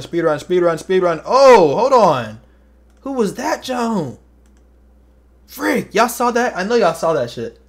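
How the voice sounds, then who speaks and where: A man's voice: fairly high pitch, a bit bright. A young man streaming, chatting casually in slang with joking, muttered asides to his chat. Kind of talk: casual livestream commentary.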